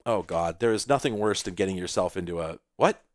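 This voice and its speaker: A man's voice: low-pitched, brisk, dry recording, clean studio sound. A man hosting a retro computing video, rambling in casual, profane commentary while he plays an old computer game, breaking into sudden exclamations.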